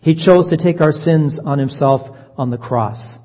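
A man's voice: a little high, dark tone. Earnest male preacher in a reverberant hall. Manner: earnest, slows down to stress key phrases. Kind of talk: sermon. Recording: dull lo-fi sound, long reverb.

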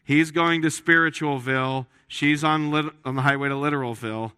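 Guy preaching in church, kinda bright edgy voice, talks loose and jokey, dry mic. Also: a little high, steady tone, fairly quick, clear, resonant tone, no echo. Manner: conversational, with frequent restarts and jokes. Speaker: pastor. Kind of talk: sermon. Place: church sanctuary.

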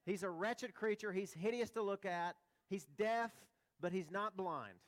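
A man's voice: high voice, a little slow. A man preaching a sermon in a conversational way, with rhetorical questions and humorous asides. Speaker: pastor.

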